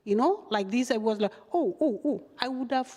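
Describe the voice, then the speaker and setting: Woman guest, halting speech with lots of fillers, talk recorded in a hall. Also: fairly high pitch. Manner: halting, many fillers, animated retelling. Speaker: guest, refugee activist. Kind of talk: casual interview storytelling. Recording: long hall reverb.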